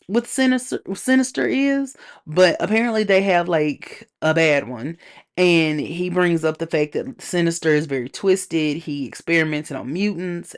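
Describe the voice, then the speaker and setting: A woman with a slightly low voice talks through a TV episode on her own show. She is animated and sassy, tossing in playful slang as she reacts. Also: smooth. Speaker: TV show reviewer. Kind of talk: casual solo review chat.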